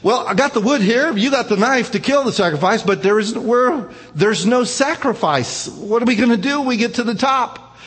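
A man voices an earnest young son questioning his father as they climb a mountain, sounding puzzled. He pitches the boy extremely high, well above his own voice, animated and fairly bright at a moderate pace, with long hall reverb on the recording.

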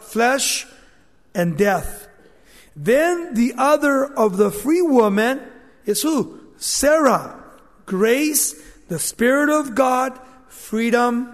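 Impassioned male preacher, high pitch, deliberate pace, long church reverb. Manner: impassioned, voicing scripture as direct speech. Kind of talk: sermon.

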